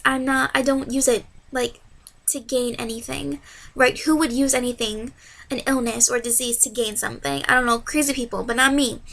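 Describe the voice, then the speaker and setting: A woman's voice: high voice, fairly bright tone. A young adult woman telling a personal story to camera in a candid, earnest, casual way. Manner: candid and earnest, with frequent fillers. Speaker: vlogger.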